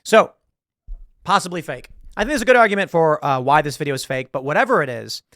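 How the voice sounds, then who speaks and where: Higher-voiced man talking commentary. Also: expressive, fast talker, over music. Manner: rambling, conversational, acts out quotes. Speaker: show host. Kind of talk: casual political commentary.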